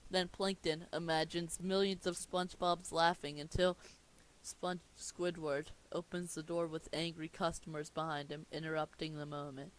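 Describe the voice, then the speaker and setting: At normal speed and in a level, fairly bright, fairly high voice, a young man does a comedic read-through of a cartoon movie script. He trips over lines, starts again, and breaks off with amused remarks about what he's reading.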